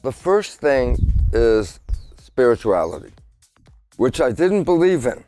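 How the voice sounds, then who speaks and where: A man's voice: mid-range voice, slow, no echo, soft background music. An older man, a scientist, telling a personal story in a casual interview and acting out the lines he quotes. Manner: lively storyteller who acts out his own quoted lines. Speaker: guest scientist.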